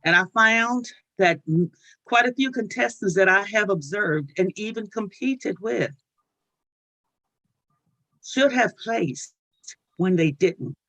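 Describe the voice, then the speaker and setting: A woman whose first language is not English, giving deliberate advice on an online panel. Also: medium pitch, a bit bright, no echo, low-quality recording. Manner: deliberate, advisory.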